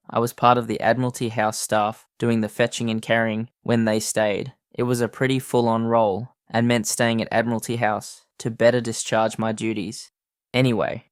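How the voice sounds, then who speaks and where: A man voicing a nervous male staffer hired for a royal tour, recounting it deadpan. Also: mid-range voice, no echo, studio quality, voice pushed up, close to an everyday voice.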